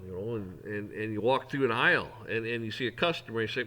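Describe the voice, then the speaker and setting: A man's voice: medium pitch, lively intonation, fairly quick, pushed and bright. A middle-aged man talking in a casual, folksy way, rambling through an opinion monologue with frequent restarts. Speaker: vlogger.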